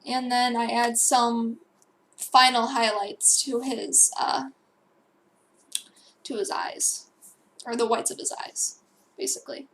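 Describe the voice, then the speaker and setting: A woman's voice: a little high, little pitch movement, slow pace, long pauses, a bit bright, a little hiss or hum. A young woman narrating a digital painting tutorial at home, rambling and correcting herself as she goes. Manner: rambling, self-correcting, with fillers and asides. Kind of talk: casual tutorial voice-over.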